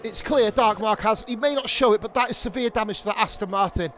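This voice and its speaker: A young man streaming live sim-racing commentary, excitable and rambling, swearing freely and going off on rants. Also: high voice, quick pace, soft background music. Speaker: league streamer and race commentator.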